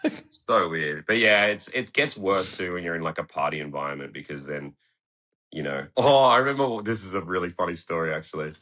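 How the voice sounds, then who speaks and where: Expressive and a little fast, the young man's low voice has a sharp edge. As a podcast guest in the studio, the skateboarder spins meandering, profane tales and performs the quotes himself.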